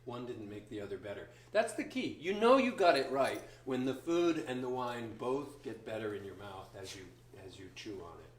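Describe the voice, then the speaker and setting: A man's voice: medium pitch, big pitch swings, normal speed, hardly any pauses. A man, one of a winery's founders, talking through a food and wine tasting in a casual, thoughtful way. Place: wine cellar. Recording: roomy, distant mic, faint noise.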